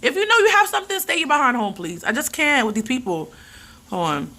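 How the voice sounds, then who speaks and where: A woman's voice: high voice, fairly quick. A woman, chatting and ranting animatedly in a casual vlog. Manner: animated, ranting, laughs often. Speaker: vlogger. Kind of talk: casual rambling vlog chat.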